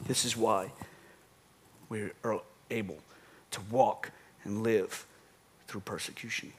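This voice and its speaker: A pastor preaches dramatically, building his point through repeated phrases and acting out little phone calls. His voice is fairly low and slightly rough, and he speaks slowly with frequent pauses.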